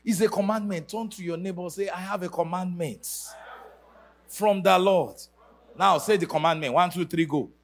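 A man's voice: high-pitched, normal speed, slight background noise. A man preaching a sermon to a church congregation, emphatic and sing-song, leading call-and-response. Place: church service.

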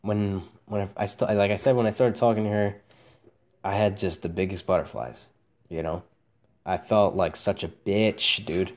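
A young man hosting a casual podcast, talking candidly and profanely, swinging between a flat monotone and excited bursts. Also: on the low side, normal speed. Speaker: podcast host.

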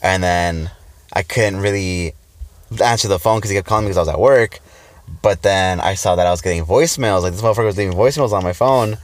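Young male podcast co-host, deep low voice, profane casual storyteller. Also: quick pace. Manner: profane, storytelling, laughs often. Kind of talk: casual chat.

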